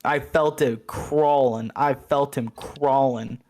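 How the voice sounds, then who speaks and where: A young man co-hosting a casual podcast, telling an animated, jokey story full of slang. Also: medium pitch, slow pace. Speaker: podcast co-host. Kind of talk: casual chat.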